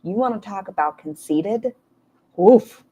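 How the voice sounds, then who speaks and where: A woman's voice: fairly low pitch, lively intonation, normal speed. A woman streamer giving casual reaction commentary, blunt and mocking, with frequent swearing. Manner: blunt, profane, mocking asides.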